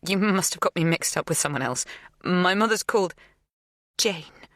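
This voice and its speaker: A woman's voice: fairly low pitch, expressive, moderate pace, fairly bright tone, dry recording, studio quality, voice pushed up. A woman voicing a shaken, wary young woman in an audiobook, speaking in tense, clipped lines.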